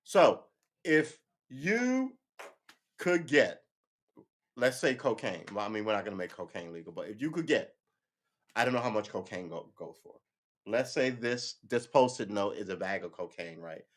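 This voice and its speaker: A man's voice: on the low side, very animated, normal speed. A man hosting a casual live stream, commenting on the news in a rambling, profane, joking way and often stopping to correct himself. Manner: rambling, profane and joking, addresses viewers as boys and girls; thinks aloud, often restarts and self-corrects.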